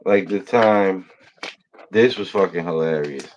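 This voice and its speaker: Male livestream host, deep unhurried voice, loose laughing storyteller who curses freely. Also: a little hiss or hum, poor audio. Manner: laughs often, swears, rambling storytelling. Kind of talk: casual livestream chat.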